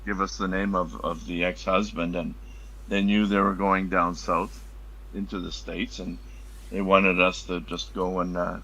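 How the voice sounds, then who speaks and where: A man chatting casually on a podcast, starting haltingly with repeated words before speaking with energy. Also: deep voice, gravelly, poor audio. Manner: hesitant starts, then animated. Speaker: podcast guest, former customs officer.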